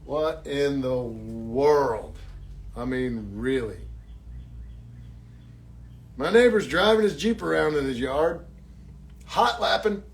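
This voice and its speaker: A man, an actor signing autographs on a live stream, chatting casually in a jokey, self-mocking way and thanking fans warmly. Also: mid-range voice, slow, gravelly, long pauses.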